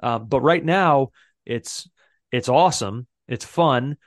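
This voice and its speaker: A man's voice: medium pitch, slow, dry recording, clean studio sound. A man co-hosting a football podcast, talking in an enthusiastic, casual way and laughing often. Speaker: podcast co-host.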